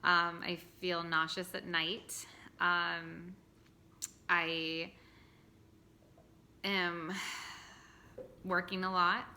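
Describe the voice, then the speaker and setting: A tired young woman chats to the camera in a bright, forward voice. She laughs often and leans on ums and likes as she talks. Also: fairly low pitch, flat delivery, drawn-out words, pauses often. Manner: chatty, laughing often, many fillers. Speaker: vlogger. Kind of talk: casual chat to camera.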